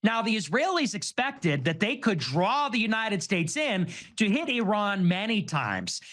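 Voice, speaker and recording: A man hosts an online talk show in a casual commentary style. His voice sits high and moves around a lot in pitch. He reasons aloud with animated energy. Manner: animated, quick-reasoning delivery. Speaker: show host.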